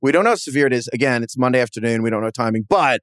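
A man's voice: medium pitch, expressive, a bit bright, dry recording. A man with a New York accent hosting a casual fantasy football podcast, joking and laughing with his co-hosts. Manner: quick, joking, laughs often. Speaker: podcast host. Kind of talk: casual sports podcast chat.

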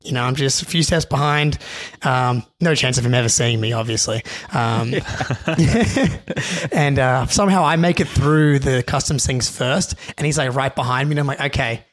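A young man, a podcast co-host, telling a story in an animated, excitable way with many restarts. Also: mid-range voice, normal speed. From Australia. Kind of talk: casual storytelling.

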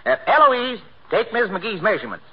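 A man's voice: high voice, sing-song, moderate pace. A man playing a genial small-town tailor in a 1940s radio comedy, speaking in a folksy drawl with rural grammar. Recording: dull, hissy vintage radio broadcast.

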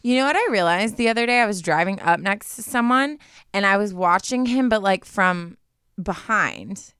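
A bubbly woman co-hosting a casual podcast, playful and quick to react. Her voice is smooth and clear, at a middle pitch. The recording is dry and close. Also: fairly bright tone, no echo. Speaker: podcast co-host. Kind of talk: casual chat.

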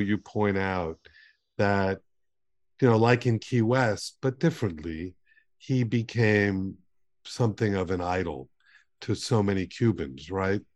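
A man with a low, darkish voice hosts a literary podcast in a conversational interview style. He asks long, rambling questions that often end in "right?".

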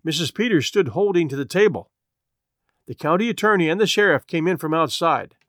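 A man narrating a story aloud in a measured, expressive way. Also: on the high side, dry recording, clean studio sound. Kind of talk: storybook reading.

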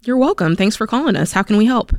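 A woman hosting a money advice radio show, talking in an energetic, motivational way and acting out quotes. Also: quick pace, no room sound, studio quality. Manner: energetic, animated, acts out quotes in a higher voice. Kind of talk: upbeat motivational radio talk.

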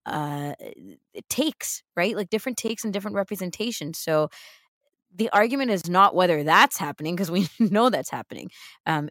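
Upbeat lower-voiced woman co-host. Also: dry recording, clean studio sound. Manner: upbeat, lots of "right?" and "like", emphatic. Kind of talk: casual chat.

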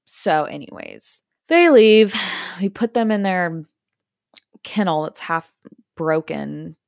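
A woman hosting a podcast, telling a story casually and acting out the quotes in hushed or high voices. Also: lively intonation, slow, vocal fry, no room sound, studio quality. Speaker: podcast host.

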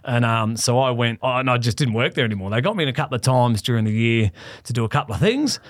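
Brief: forties Aussie bloke, comedian guest, animated yarn-spinner, dry close sound. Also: male voice, mid-range voice, quick pace, no room sound. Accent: Australian. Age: 40s. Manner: animated, swearing storyteller who laughs often. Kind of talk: casual storytelling chat.

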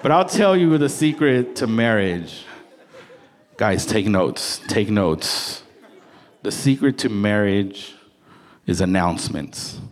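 A man in his thirties performing a playful, conversational stand-up set, slipping into quick voices for his wife and kids. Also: fairly low pitch, lively intonation. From Salvadoran heritage. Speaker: stand-up comedian. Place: comedy stage before a live audience. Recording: live crowd laughter and room noise.

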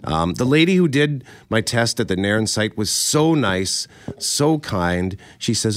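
A man co-hosting a morning radio show, telling stories animatedly and still a little hoarse from a cold. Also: fairly low pitch, unhurried, no echo. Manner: animated storytelling, acts out quoted voices. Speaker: radio co-host. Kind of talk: casual radio chat. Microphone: studio microphone.

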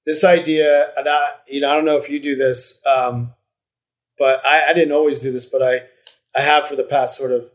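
A man in casual podcast chat, talking in a reflective, rambling way with many restarts and fillers. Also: medium pitch.

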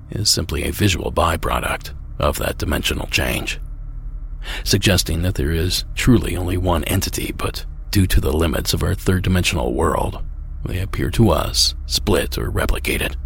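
A man hosting a podcast, reading scripted narration in a measured, musing way. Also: low voice, vocal fry, slight background noise. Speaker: podcast host.

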